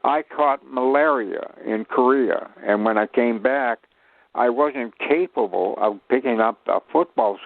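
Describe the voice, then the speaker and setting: A man's voice: lowish voice, vocal fry, no room sound. A man in his eighties from Chicago, a guest telling stories in a rambling, humorous, self-mocking way. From Chicago, USA. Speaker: guest, actor. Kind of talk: rambling anecdotal storytelling. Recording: tinny phone line.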